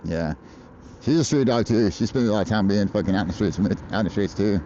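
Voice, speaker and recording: Out on a bike in traffic, an American man keeps up a casual, rambling livestream, swearing and laughing often. His fairly low voice is brisk and dark-toned, and the audio sounds dull with slight background noise.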